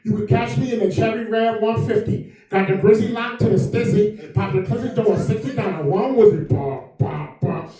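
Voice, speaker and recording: A man's voice: fairly high pitch, flat delivery, drawn-out words, gravelly, hardly any pauses, warm tone, recorded from a distance, exaggerated voice. A man impersonating a heavyset male rapper, rapping with rhythmic swagger. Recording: echoey room, mic from afar.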